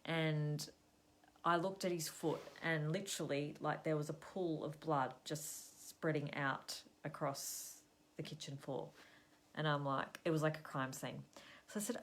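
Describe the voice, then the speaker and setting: A woman's voice: sits low, fairly even intonation, normal speed. An Australian woman hosting a live stream, chatting to viewers and telling a story in a casual, conversational way. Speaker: host of a weekly live show.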